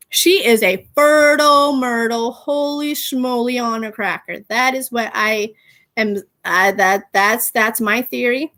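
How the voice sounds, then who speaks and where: A woman in her thirties hosting a casual pop culture podcast, chatty and animated, laughing often and using playful slang. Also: a little high. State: gets out of breath walking, pregnant. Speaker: podcast host.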